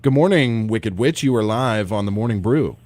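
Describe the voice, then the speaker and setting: A man's voice: fairly low pitch, expressive, normal speed, darkish tone, no room sound. A man hosting a morning radio show, upbeat and playful, who laughs easily with his co-hosts. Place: radio studio.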